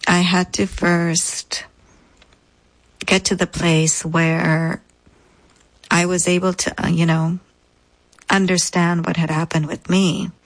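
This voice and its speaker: Low-voiced woman telling her story. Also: low-quality recording. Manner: measured, deliberate, pausing often. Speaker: interview guest. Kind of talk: reflective personal storytelling.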